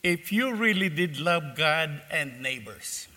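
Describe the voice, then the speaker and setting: A man preaching voices a king who had posed as a weak beggar, in his own slow, bright voice with a long church echo. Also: on the high side, lively intonation, voice pushed down, heavily acted. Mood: matter-of-fact.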